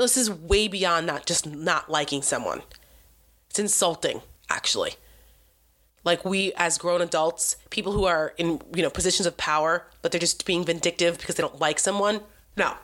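A woman's voice: lowish voice, fairly bright tone. Exasperated woman in a political rant. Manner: exasperated, sarcastic, emphatic. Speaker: political commentator. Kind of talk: opinionated monologue.

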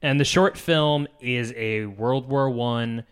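A man's voice: medium pitch, slow, smooth. Man telling a story on a podcast. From United States. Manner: storytelling, self-mocking, laughs often. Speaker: podcast co-host. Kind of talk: casual chat.

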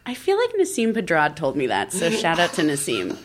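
A woman's voice: fairly low pitch, huge pitch swings, a little fast, background noise. A woman guest in a casual podcast chat, playful and jokey, with frequent "like" fillers and laughter. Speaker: guest, comedic performer.

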